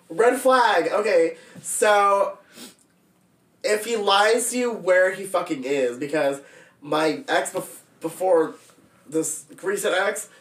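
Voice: medium pitch, roomy sound, recorded from a distance. A young podcast co-host telling a blunt, teasing story in casual gossip chat.

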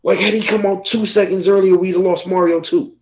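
A man's voice: high voice, steady tone, fairly quick, a little mellow, poor audio. A man co-hosting a podcast, talking openly and emotionally in casual chat, swearing freely. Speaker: podcast co-host.

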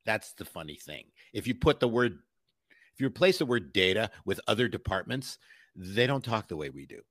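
A man's voice: on the low side, sing-song, normal speed, fairly bright tone, no echo, studio quality. A man giving an interview, telling stories emphatically and mimicking the people he quotes. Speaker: podcast guest. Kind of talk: conversational interview.

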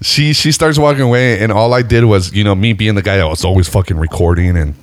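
A man telling a story in casual chat, animated, jumping up in pitch when he acts out what people said, swearing and laughing along the way. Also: fast, slight background noise. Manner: animated storyteller, jumps high when acting out quotes, laughs often; swears freely, says "bro" and "dude". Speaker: podcast co-host telling a story.

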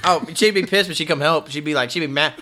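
A man's voice: on the high side, fast, sharp tone, a little hiss or hum. A man co-hosting a podcast, chatting casually with crude, teasing banter. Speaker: podcast co-host. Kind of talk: casual chat.

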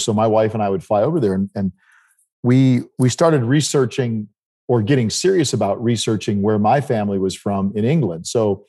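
A middle-aged man from South Dakota, in the United States, tells a rambling travel story in casual chat, often restarting as he goes. His voice sits on the low side with a dark tone.

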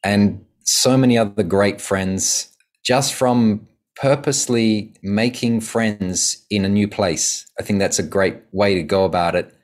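A man's voice: fairly low pitch, unhurried. A man in an earnest, reflective way telling a podcast host about his travels and work as a coach. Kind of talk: conversational storytelling.

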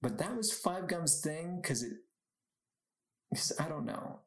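A man's voice: a little high, animated, takes it slowly. A young man hosting a podcast on his own, chatting casually, rambling off on tangents and laughing often. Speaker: podcast host. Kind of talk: casual solo podcast chat. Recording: echoey room.

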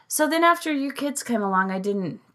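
A woman's voice: sits high, lively intonation, brisk, a bit bright. A middle-aged woman from the United States, a podcast guest, chatting casually and telling a travel story in a rambling way, trailing off and restarting. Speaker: podcast guest, mother of the host. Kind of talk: casual chat.

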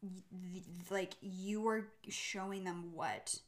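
A woman's voice: medium pitch, fairly even intonation, slow pace. A woman co-hosting a podcast, speaking candidly and thoughtfully in casual conversation, with the odd swear word. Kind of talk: casual chat.

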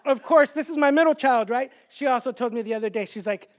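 A man's voice: very high-pitched, fairly quick. A man in his thirties, a guest evangelist from the Los Angeles area, giving a sermon in a church with chatty, self-deprecating stories and jokes. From Los Angeles area, California. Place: church sanctuary with stage.

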